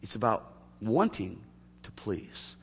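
A man preaching a sermon to his church, swinging from loud emphatic peaks to quiet asides. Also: on the low side, sing-song, slow, a little hiss or hum. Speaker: pastor. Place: church sanctuary. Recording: long hall reverb.

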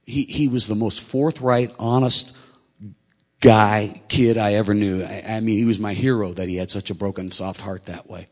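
A middle-aged man preaching a sermon, telling a personal story earnestly and emotionally, his voice swelling to loud peaks. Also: fairly low pitch, fairly even intonation, normal speed, long reverb tail. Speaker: preacher and track coach.

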